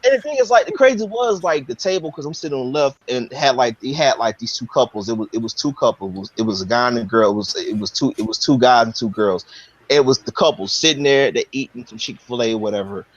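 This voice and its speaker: A man chatting casually on a podcast, telling a story in an animated, profane way with lots of restarts. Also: mid-range voice, fast talker. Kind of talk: casual chat. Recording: dry, dull lo-fi audio.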